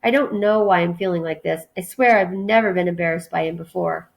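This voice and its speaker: A woman reading a children's book aloud, voicing an upset, tearful teenage girl who talks quickly. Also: vocal fry. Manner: quick, sobbing, higher voice.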